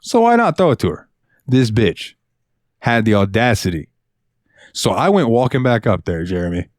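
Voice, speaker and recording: A man co-hosting a podcast, telling a work story in an animated, profane, casual way. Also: mid-range voice, normal speed, no echo, clean studio sound. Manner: animated, profane, swings into voices. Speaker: podcast co-host.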